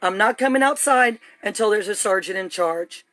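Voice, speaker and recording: A woman's voice: medium pitch, normal speed, a bit bright, no echo. A woman streaming live on her phone from inside her home, talking in an urgent, agitated, rambling way. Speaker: livestreamer. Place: home, indoors.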